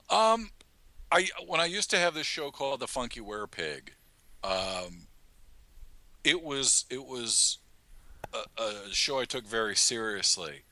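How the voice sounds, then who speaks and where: Bright-voiced, self-mocking man, halting chat. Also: medium pitch, very animated. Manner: halting, self-mocking, laughs often mid-sentence. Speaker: writer and creator of an audio drama, podcast guest. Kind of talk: casual podcast chat.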